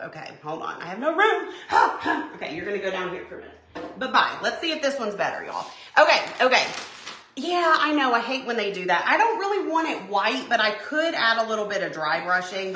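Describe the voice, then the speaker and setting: A woman hosting a home craft video, chatting and telling a story in an animated, exclaiming way as she works. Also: mid-range voice, a little hiss or hum. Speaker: DIY crafting host. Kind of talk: casual storytelling while crafting. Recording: roomy echo.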